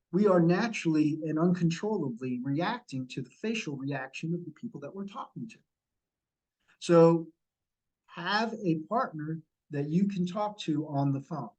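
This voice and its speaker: A man's voice: fairly high pitch, a little mellow, rough recording. A middle-aged man leading a sales training session over a video call, coaching and repeating key points. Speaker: real estate sales trainer.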